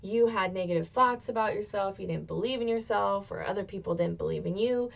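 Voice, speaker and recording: A woman in her thirties hosting a motivational solo podcast, talking expressively and swearing freely, with bursts of excitement. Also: medium pitch, a little fast, vocal fry, muffled recording. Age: 30s. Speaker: podcast host.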